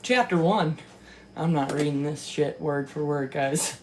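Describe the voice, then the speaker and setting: A woman giving casual reaction commentary on a book, mocking, profane and quick to exclaim and laugh. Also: sits low, slight background noise. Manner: laughs often.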